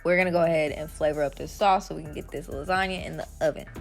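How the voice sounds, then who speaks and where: A woman's voice: deep voice, steady tone, quick pace, gravelly. A woman talking viewers through a recipe in her home kitchen, casual and chatty. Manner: chatty, informal, addresses viewers directly. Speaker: cooking vlogger. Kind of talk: casual cooking tutorial. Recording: music playing in background.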